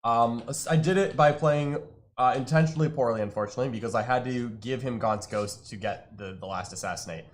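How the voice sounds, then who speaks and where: A man recaps a tabletop game he has just finished, owning his mistakes in a wry, self-deprecating way. His voice has an average pitch for a man. He speaks casually, as a guest being interviewed. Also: fairly quick. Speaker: guest player.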